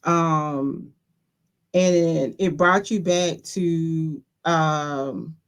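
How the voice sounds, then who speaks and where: A woman's voice: low voice, steady tone, very slow, clear, resonant tone. A woman host in casual conversation, loose and chatty, laughing often. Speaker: podcast host. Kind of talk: casual chat.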